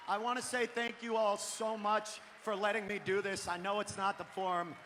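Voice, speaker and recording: A stand-up comedian from New England, ranting loudly and profanely through a live set on a theater stage. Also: male voice, sits high, level tone, moderate pace, slight background noise. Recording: live theater with long reverb.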